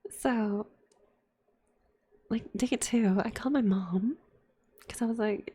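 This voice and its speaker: A woman's voice: a little high, slow pace, pauses often, mellow, slightly rough. A young adult woman telling a candid, profane personal story in whispered ASMR chat, full of fillers. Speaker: streamer.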